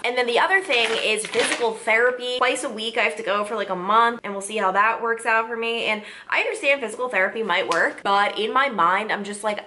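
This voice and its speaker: A woman's voice: medium pitch, pushed and bright, a little hiss or hum. A woman in her twenties chatting casually to camera in a vlog, talkative and dramatic, full of "like". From Long Island, New York. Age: 20s. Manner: chatty, lots of "like", frustrated and dramatic. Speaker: vlogger.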